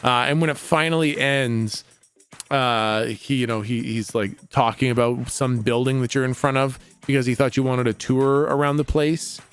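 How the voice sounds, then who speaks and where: A man's voice: mid-range voice, fairly even intonation, moderate pace, clear, resonant tone, faint music behind. A tired man narrating as game master of a tabletop game, rambling with lots of fillers and casual swearing.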